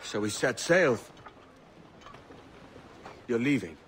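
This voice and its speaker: An actor playing a brash young pirate captain who answers back in anger, in a game cutscene. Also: male voice, medium pitch, animated, slow pace, slight background noise. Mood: weary. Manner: defiant, shouting in anger.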